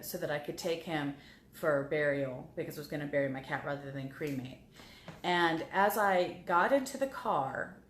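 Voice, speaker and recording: A woman with a lowish voice tells heartfelt personal stories as a guest on a show, sometimes going back over her words. She sounds like she is in an echoey room, with faint noise behind her. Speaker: guest on a spiritual talk show. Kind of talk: personal storytelling.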